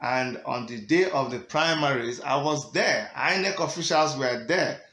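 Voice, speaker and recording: A man's voice: mid-range voice, measured pace, sharp tone. Middle-aged Nigerian man, mid-range voice, emphatic vlog rant, Pidgin-English mix, echoey room. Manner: emphatic, switches between Pidgin and English, chuckles often. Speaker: political party member.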